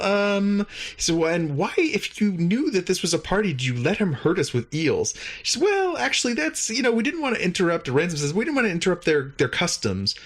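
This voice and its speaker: Animated man recapping an episode. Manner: animated, acts out quoted lines in higher voices. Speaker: podcast host.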